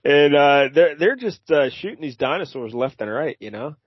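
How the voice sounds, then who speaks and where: A man's voice: a little high, lively intonation, moderate pace, slightly rough, no room sound. A male podcast host recapping a comic in loose, jokey chat. He rambles and fills his speech with plenty of "uh"s. The sound is dry and dull, like a lo-fi recording. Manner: rambling and jokey, with many fillers.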